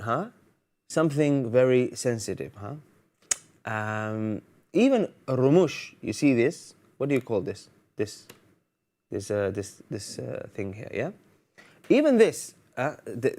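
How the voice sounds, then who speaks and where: A man's voice: mid-range voice, animated, a little slow, long pauses, a little mellow. A man hosting a live TV Quran lesson for children, playful and teasing, quizzing the viewers and mixing Arabic phrases into his English. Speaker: TV Quran teacher and host. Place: TV studio.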